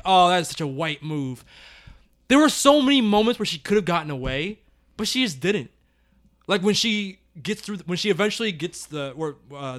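Animated high-voiced man, profane and laughing. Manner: acts out characters' lines in exaggerated voices. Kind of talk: casual movie review chat.

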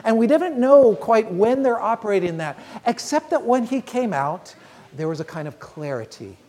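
A woman preaching a sermon, telling a story in an earnest, measured way and slowing down on key phrases. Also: a little high, very animated, dark tone.

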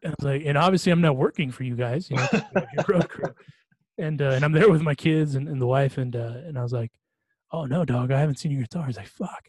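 A man hosting a podcast in relaxed chat, his voice sitting at an ordinary middle pitch. He rambles and restarts his sentences, laughing at his own stories. The sound is dry and close. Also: fast, no room sound. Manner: rambling, laughing often, many restarts and fillers. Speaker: podcast host. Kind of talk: casual chat.

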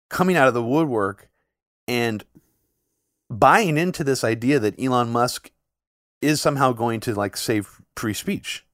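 A man's voice: medium pitch, no echo, clean studio sound. A man co-hosting a political podcast, talking at length with a sarcastic edge in long, run-on sentences. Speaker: podcast co-host. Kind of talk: casual political podcast chat.

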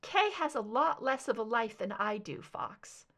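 A woman reading aloud voices an older mother who speaks softly and wistfully, tired of grief yet gently teasing her son. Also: a little high, animated, measured pace, gravelly, heavily acted.

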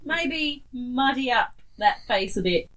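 A woman player at a tabletop game, her voice bright and a touch high. She banters casually, teasing the others in the party. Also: lively intonation, takes it slowly. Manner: teasing, laughs often.

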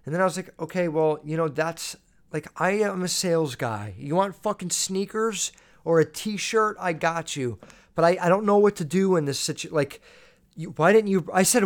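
A young man hosting a podcast, telling a profane, animated story about a rude customer and acting out both sides of the dialogue. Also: fairly high pitch, brisk, clear, resonant tone. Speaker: podcast host. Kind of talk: casual storytelling rant.

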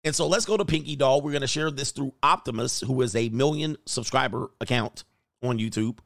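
A man's voice: medium pitch, a little fast, gravelly, a bit bright, no room sound. Brief: male commentary host, crude and blunt, dry close mic. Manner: blunt and crude, riffs off clips. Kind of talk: casual reaction commentary.

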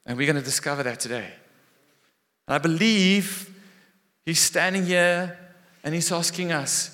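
A man preaching a sermon, moving between raised, animated lines and hushed, quiet ones. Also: on the high side, unhurried, long pauses. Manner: animated, dramatic shifts between loud and hushed. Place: church hall. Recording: long echo of a large hall.

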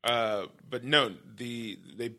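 A man's voice: mid-range voice, fairly even intonation, slow pace, pushed and bright. A man guesting on a podcast, chatting casually in a laid-back, joking way. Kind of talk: casual chat.

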